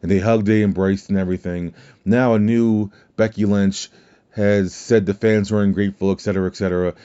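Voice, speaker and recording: A man's voice: lowish voice, level tone, brisk, warm tone, smooth, dull audio. A man with a Southern US drawl hosting a podcast, talking casually and rambling with self-corrections. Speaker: podcast host. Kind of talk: casual solo podcast talk.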